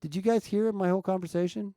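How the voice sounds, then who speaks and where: A man's voice: high voice, fairly even intonation, quick pace, dark tone, no echo, clean studio sound. A man chatting casually with viewers on a live stream, checking his mic and asking the chat questions as he talks. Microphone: streaming mic at home setup.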